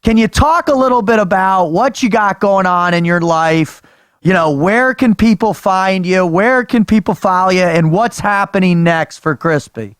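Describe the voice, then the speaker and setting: A man's voice: high voice, moderate pace, fairly bright tone, clear, resonant tone, dry recording. Man, podcast host, enthusiastic, dry close mic. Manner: enthusiastic, says "amen" and "dude". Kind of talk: casual interview.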